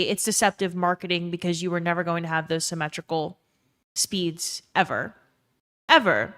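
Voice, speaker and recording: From her own emptied bedroom, a young woman streamer chats casually, ranting with plenty of swearing and reading chat messages aloud. Her voice is lowish with a fairly bright tone.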